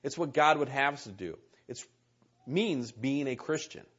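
A man's voice: medium pitch, expressive, normal speed, a bit bright, breathy edge. A man preaching a sermon in earnest, repeating key words and reading scripture aloud. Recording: muffled lo-fi recording.

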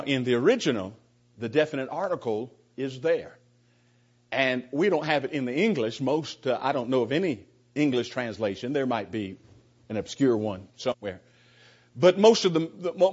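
A man's voice: mid-range voice, breathy edge, lo-fi sound. A man teaching the Bible in a conversational sermon style, often repeating words and acting out both sides of an exchange. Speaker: preacher.

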